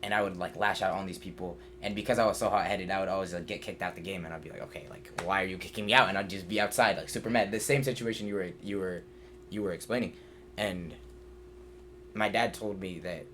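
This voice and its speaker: Deep-voiced young man, reflective host. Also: fairly even intonation, fast talker, a bit bright, a little hiss or hum. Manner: reflective, earnest. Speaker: podcast host. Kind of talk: casual chat.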